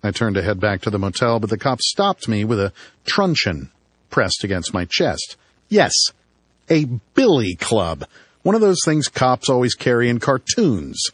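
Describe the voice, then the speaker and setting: A man's voice: mid-range voice, big pitch swings, unhurried, slightly rough, dry recording. A man reading an audiobook in first person, with a dry, wry storytelling manner. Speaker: audiobook narrator.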